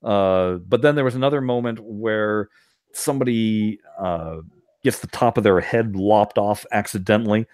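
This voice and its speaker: Animated man with a low, dry voice. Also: moderate pace, dry recording. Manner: animated storyteller, puts on silly voices when retelling scenes. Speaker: podcast co-host. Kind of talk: casual chat.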